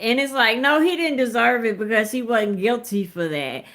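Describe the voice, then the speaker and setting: A woman's voice: on the high side, moderate pace, few pauses, fairly bright tone. Blunt woman in her thirties. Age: 30s. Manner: blunt, emphatic, profane; conversational, addresses viewers directly. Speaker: host of a live commentary show. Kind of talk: casual live commentary.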